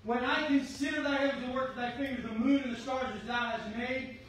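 A middle-aged man preaching a sermon as pastor, fervently shouting his exhortations to the congregation. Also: very high voice, fairly even intonation, brisk. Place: church sanctuary. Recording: echoey sanctuary from far off with faint hum.

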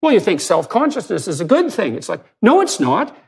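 A middle-aged man, a psychologist, discussing in an emphatic, lecture-like way, posing questions with sudden rises in pitch. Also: huge pitch swings, fairly quick, vocal fry, a little mellow, breathy edge. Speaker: psychologist in conversation.

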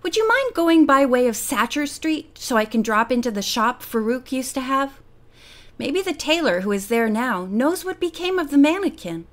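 A woman voicing an eager, polite young female amateur detective who speaks briskly and courteously, in an audiobook. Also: high-pitched, sing-song, fairly bright tone.

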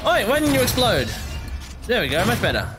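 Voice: medium pitch, huge pitch swings, brisk. A gamer giving let's play commentary, joking, swearing freely and talking back at the enemies on screen. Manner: joking, talks to the enemies and the game. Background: game music.

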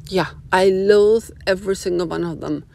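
A woman's voice: medium pitch, moderate pace, vocal fry, warm tone. A woman talking casually to her phone camera in a rambling, opinionated monologue full of asides. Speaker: vlogger. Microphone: small phone camera.

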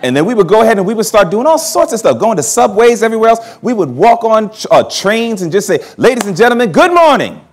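Animated man preaching a story sermon. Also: high-pitched, fast talker, few pauses. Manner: storytelling, animated, laughs at himself. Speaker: pastor. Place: church hall at a camp meeting.

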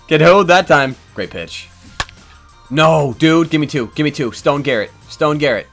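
A man giving excited live commentary on his own video game match, swinging from low muttering to loud yelling and swearing often. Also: measured pace, creaky, faint music behind. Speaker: gaming YouTuber.

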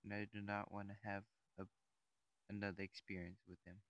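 A man's voice: on the low side, flat delivery, brisk, a bit bright, no room sound. A young man giving casual, profane, rambling commentary while playing a survival game. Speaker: gamer. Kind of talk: casual Let's Play commentary.

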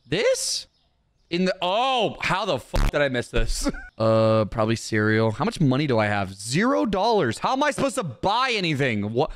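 A young man playing a video game and chatting to viewers, goofy and excitable, swearing and joking as he goes. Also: medium pitch. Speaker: gaming YouTuber. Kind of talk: let's-play commentary.

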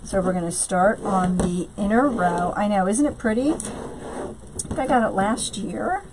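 A woman's voice: mid-range voice, noisy background. A woman hosting a live craft tutorial from home, chatting with viewers and greeting them by name between steps, with lots of fillers. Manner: many fillers, slow drawn-out greetings. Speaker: craft live-stream host.

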